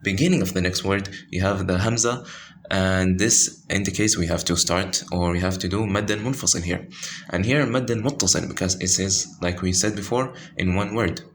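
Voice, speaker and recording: Tajweed teacher, man, very low voice, halting delivery full of fillers, faint room hum. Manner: halting, many fillers and self-corrections. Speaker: Quran recitation teacher. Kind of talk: informal tajweed lesson with screen pointing.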